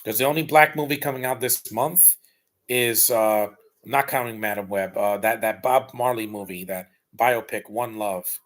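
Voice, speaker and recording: A man's voice: fairly low pitch, moderate pace, a bit bright. A man giving casual, blunt and rambling live commentary while rewatching a film. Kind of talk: casual opinionated watch-along commentary.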